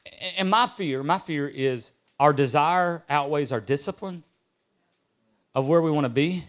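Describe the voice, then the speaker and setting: A man's voice: on the high side, unhurried. A pastor in his thirties preaching emphatically, repeating key lines and calling for amens. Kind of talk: sermon.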